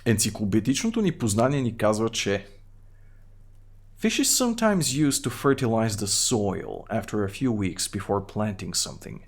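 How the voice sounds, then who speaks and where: Lively Bulgarian-accented game streamer. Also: male voice, on the low side. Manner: quick, lively, half-joking asides. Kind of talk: live gameplay commentary, reading game text.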